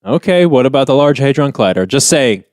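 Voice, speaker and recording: A man co-hosts a comedy podcast, calmly pushing absurd theories with a straight face. His voice is mid-pitched for a man. The sound is close and dry, with no room sound. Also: fast, dry recording. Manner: deadpan, spins absurd theories. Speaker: podcast co-host. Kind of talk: comedy bit.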